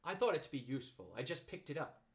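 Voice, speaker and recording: Man voicing a simple gentle bear. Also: a little high, very animated, fast. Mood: mild.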